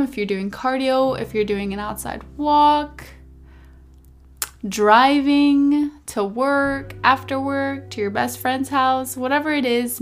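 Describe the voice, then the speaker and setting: A young woman hosts her own podcast from a chair indoors, speaking into a close mic. Her voice sits a little high, and she talks in a chatty, rambling, animated way, with faint music underneath. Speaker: podcast host. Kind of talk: casual solo podcast talk.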